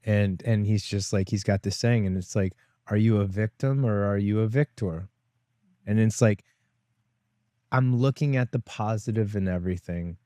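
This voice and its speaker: A man's voice: on the low side, warm tone, no echo. A man co-founder in casual conversation, talking in a rambling way with many "like" fillers. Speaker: wellness company co-founder.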